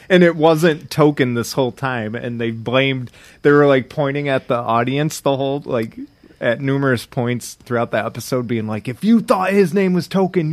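Laid-back man in casual chat. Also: mid-range voice. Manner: profane, laughing, acts out quotes. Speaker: podcast co-host.

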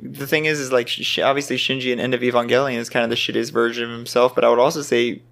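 A man in casual chat, ranting with swearing and animated, exasperated asides. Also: medium pitch, fast, gravelly. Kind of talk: casual chat about anime.

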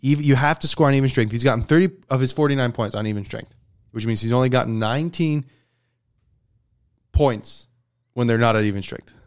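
Man arguing hockey stats, mid-pitched. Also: brisk, clear, resonant tone. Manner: argumentative, reads out stats with frequent "okay?" check-ins. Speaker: podcast host. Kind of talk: casual sports debate chat.

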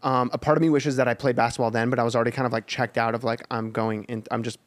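A young man at a mid-range pitch talks as a podcast guest, easygoing and chatty. He strings his stories together with plenty of "like" and "kind of" as he goes. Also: fast. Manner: chatty, many "like" fillers, relaxed storytelling. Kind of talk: casual chat.

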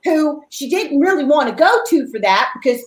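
A woman guest on a podcast, telling a story in a casual, lively way and acting out what others said. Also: high voice, moderate pace, echoey room, low-quality recording. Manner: lively storyteller, acts out quotes with loud squeals.

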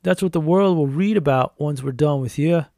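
A man voicing a corrupt male sheriff who speaks loudly and gloatingly in an audio story. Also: a little high, moderate pace, creaky, no room sound, clean studio sound.

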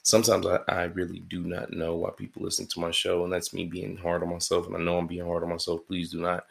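A man's voice: sits low, little pitch movement, fairly quick, vocal fry, slightly rough. A man hosting his own podcast alone in his apartment, rambling, swearing freely and running himself down, sleepy and yawning early in the morning. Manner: rambling, profane and self-deprecating. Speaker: podcast host and stand-up comedian. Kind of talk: casual solo podcast monologue.

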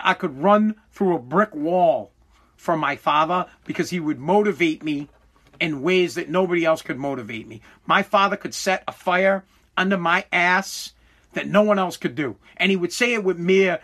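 A man's voice: high-pitched, pushed and bright. A man in his forties hosting a podcast, giving an emphatic, profane motivational monologue full of restarts. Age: 40s. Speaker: podcast host.

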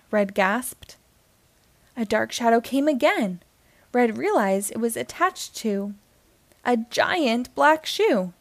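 A woman hosting and reading a children's book aloud in a slow, expressive way. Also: fairly high pitch, no echo. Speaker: host and reader.

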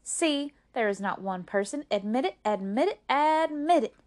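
A woman reading a children's book aloud, voicing May May, a bossy, excitable young woman singer traveling west. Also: medium pitch, normal speed, close to an everyday voice. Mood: triumphant.

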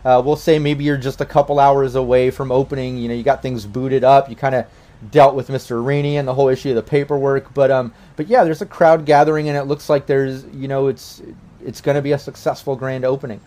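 A man's voice: mid-range voice, flat delivery, brisk, mellow. A man narrating a tabletop game as game master in a casual, rambling way.

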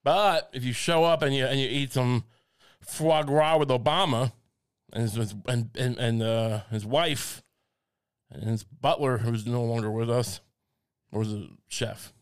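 A man's voice: medium pitch, measured pace, smooth. A man co-hosting a podcast, rambling through comic tangents with lots of restarts and self-mocking jokes. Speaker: podcast co-host. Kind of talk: casual comedic chat.

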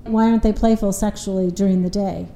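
Mellow-voiced woman therapist explaining. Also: medium pitch, fairly even intonation, brisk, reverberant, low-quality recording. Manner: earnest, explanatory, quotes clients. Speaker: couples therapist. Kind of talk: conversational podcast explanation.

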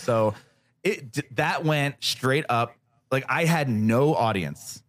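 A man recounts his projects as a guest in a casual interview, getting fired up and swearing freely as he acts out other people's lines. His voice sits at an ordinary pitch, and the recording is close and dry, with no room sound. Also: takes it slowly, no echo. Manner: animated, profane, acts out quoted voices. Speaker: podcast guest.

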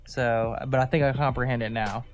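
A man's voice: medium pitch, fairly even intonation, fairly quick. A man co-hosting a casual music podcast, laid-back and full of slang. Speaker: podcast co-host.

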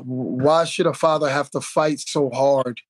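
A man hosting a podcast, telling a story in a lively way, acting out quotes with plenty of fillers and restarts. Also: medium pitch, measured pace, no echo. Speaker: podcast host. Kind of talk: casual podcast conversation.

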